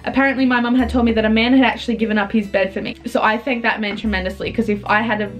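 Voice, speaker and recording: A young woman, telling a personal story in an earnest, halting way, with restarts. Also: fairly high pitch, steady tone, faint music behind.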